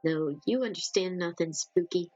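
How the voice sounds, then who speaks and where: Woman reading as a gentle sea witch. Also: on the low side, moderate pace, no echo, highs cut off, soft background music, close to an everyday voice. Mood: soothing. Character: gentle female sea witch, calm and caring. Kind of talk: reading game dialogue aloud.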